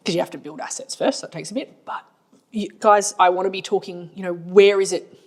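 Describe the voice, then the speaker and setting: Australian woman, slightly low voice, chatty and blunt, colloquial storyteller for a business podcast. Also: steady tone, fairly quick. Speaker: marketing agency owner and podcast co-host. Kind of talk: casual business podcast chat.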